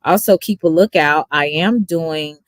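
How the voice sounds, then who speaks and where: A sleepy, chatty woman from Dallas with a Texas accent, a YouTube reaction streamer, rambles through a casual livestream sign-off, thanking her viewers by name. Her voice is low and her pace measured, in a dry, studio-quality recording.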